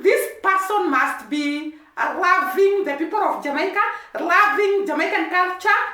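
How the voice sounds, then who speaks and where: A woman with a very high, bright voice gives slow, deliberate commentary. She leans on repetition and emphasis. She sounds distant from the mic in a strongly echoing room. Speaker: commentary channel host. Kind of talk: casual commentary.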